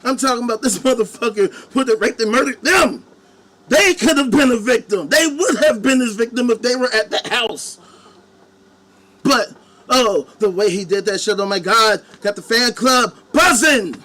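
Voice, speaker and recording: A man hosting a live stream rants furiously in a profanity-heavy monologue, mocking the people he quotes, captured on a webcam mic. His voice is extremely high, expressive and forceful, with a bright tone at a normal speed.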